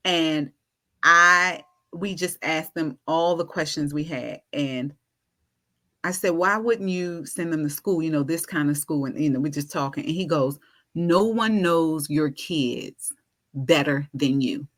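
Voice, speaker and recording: A woman's voice: deep voice, a little slow, pushed and bright. A woman guest, an educator, talking casually and emphatically in a podcast conversation. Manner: emphatic and persuasive.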